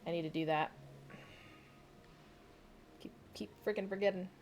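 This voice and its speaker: A woman's voice: lowish voice, fairly even intonation, moderate pace, darkish tone, faint music behind. A young adult woman chatting casually on a live stream, answering viewer comments in a candid, rambling way with frequent laughs and casual swearing.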